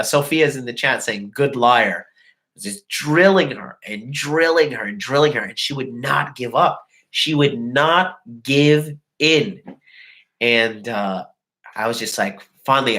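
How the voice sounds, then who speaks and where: Man, host, crude profane storytelling, casual chat to a live audience, mid-pitched, mocking quoted voices. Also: measured pace, bright, forceful tone, poor audio.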